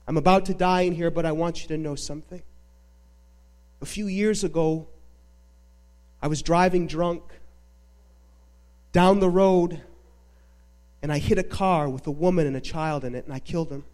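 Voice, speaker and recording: A man's voice: fairly high pitch, fairly even intonation, normal speed, long pauses, darkish tone, lightly acted. A preacher playing a remorseful pleading man. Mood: confessing. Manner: pleading, broken and repentant. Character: remorseful guilt-ridden man confessing.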